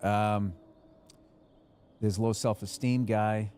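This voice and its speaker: A man's voice: fairly low pitch, normal speed, slight background noise. A man in casual chat, telling rambling stories and swearing freely. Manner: profane, rambling, animated storytelling.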